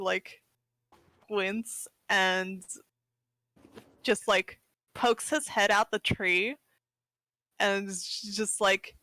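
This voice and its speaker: A woman playing a tabletop game, describing her character in halting, hesitant bits. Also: medium pitch, bright, forceful tone, no room sound, low-quality recording. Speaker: player. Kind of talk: casual tabletop play.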